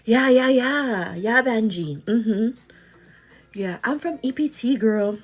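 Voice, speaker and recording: A young woman hosts a casual morning livestream, giggling as she chats. Her voice sits a little high and swings widely. It has a husky, breathy edge. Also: animated, slow pace, faint music behind. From El Paso, Texas. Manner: giggly, chatty, often says girl. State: pregnant. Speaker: livestream host.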